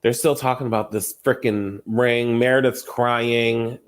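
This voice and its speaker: A young man hosting a podcast, recapping reality TV gossip in a casual, animated, profane way with frequent laughs. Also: medium pitch, measured pace, clear, resonant tone. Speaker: podcast host.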